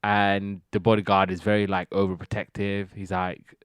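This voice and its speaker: In a dry, clean studio recording, a man hosting a TV review podcast casually recaps sitcom episodes in a lowish, clear, resonant voice with little pitch movement at a normal speed. He rambles with lots of fillers and slips into quoting the characters' lines.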